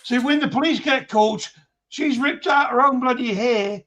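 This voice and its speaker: A man with a very high-pitched voice breaks into a casual conversation. He throws in quick, knowing comments of his own. He sounds sure of himself and eager to explain. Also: pushed and bright. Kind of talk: casual chat.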